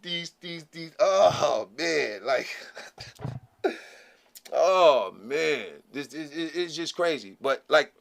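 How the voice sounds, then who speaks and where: A middle-aged man sounding off in a loose, casual rant. His voice sits high for a man, and he circles back over his points, breaking into laughing asides. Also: takes it slowly, vocal fry. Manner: animated, repetitive, laughing asides. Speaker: vlogger.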